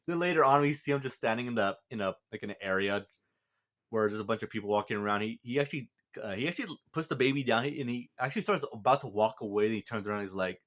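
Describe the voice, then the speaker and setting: A man of average pitch recapping a film in a loose, chatty review. He rambles and restarts often, with frequent filler words and a chuckle here and there. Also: brisk, fairly bright tone. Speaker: movie reviewer. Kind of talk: casual spoken movie review.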